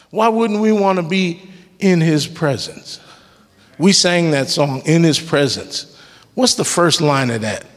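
A worship leader preaches a sermon in a church sanctuary, and the recording carries the long reverb of the hall. His voice sits fairly high and he takes his time, staying emphatic with call-and-response and casual joking asides.

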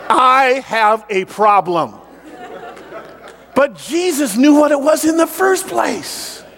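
Give me an animated male preacher with a high voice, echoing through a long hall. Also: slow pace, vocal fry, a faint crowd. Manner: animated, joking asides. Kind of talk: sermon with personal testimony.

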